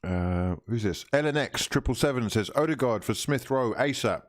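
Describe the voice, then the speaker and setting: A man's voice: medium pitch, animated, moderate pace, dry recording. A man hosting a casual football watch-along livestream, reading viewer comments aloud and teasing the chat. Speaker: livestream host.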